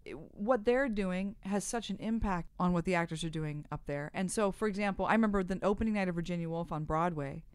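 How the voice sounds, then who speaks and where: A middle-aged actress, a guest in a podcast interview, telling animated, self-deprecating stories from the stage. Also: female voice, fairly low pitch, brisk, hardly any pauses, clean tone, dry recording. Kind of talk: conversational interview.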